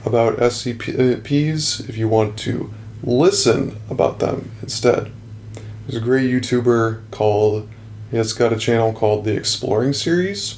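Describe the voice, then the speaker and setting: A man's voice: mid-range voice, measured pace, a little mellow, a little hiss or hum. A man co-hosting a casual podcast, rambling and recapping a game with many fillers. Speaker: podcast co-host.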